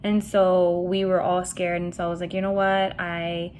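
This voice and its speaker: A woman's voice: fairly low pitch, level tone, moderate pace, a little mellow, a little hiss or hum. A young woman vlogger chatting casually while doing her makeup, rambling with lots of fillers and tossing in Spanish words. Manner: rambling, many "you know" and "like" fillers, mixes in Spanish words.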